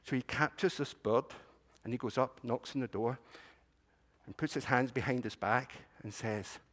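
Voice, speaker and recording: A man telling a story to a church congregation in an animated storytelling manner. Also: medium pitch, moderate pace. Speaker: children's storyteller at a church service. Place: church sanctuary. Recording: long reverb of a large room.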